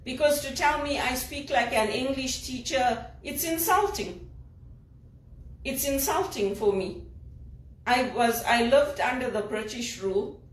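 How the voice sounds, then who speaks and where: A woman's voice: high-pitched, unhurried. A woman from Zimbabwe, an executive assistant, giving an indignant, emphatic vlog monologue. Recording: roomy, distant from the mic.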